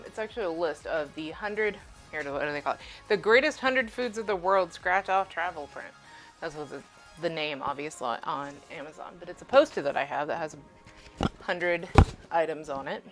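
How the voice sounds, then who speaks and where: A woman with a low, deep voice talks loosely as she cooks in her home kitchen, rambling and swearing with easy laughs. Faint music plays beneath her. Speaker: cooking streamer. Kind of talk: casual live-stream chat while cooking.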